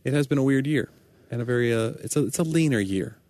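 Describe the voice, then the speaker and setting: A man's voice: mid-range voice, animated, fast talker, a little mellow, no room sound, clean studio sound. Wry, joking man on a podcast. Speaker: podcast co-host and comedian. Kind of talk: casual chat.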